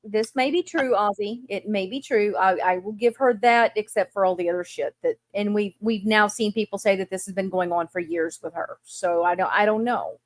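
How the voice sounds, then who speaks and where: A woman hosting a casual livestream, answering viewers' comments by name and recounting a conversation, blunt, with halting restarts. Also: medium pitch, no room sound. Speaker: livestream host.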